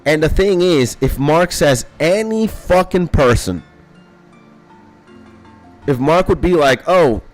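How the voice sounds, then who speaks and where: A young man streaming a game, rambling excitably in casual chat and swearing a lot. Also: fairly high pitch, slow pace, long pauses. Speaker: gaming streamer. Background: faint background music.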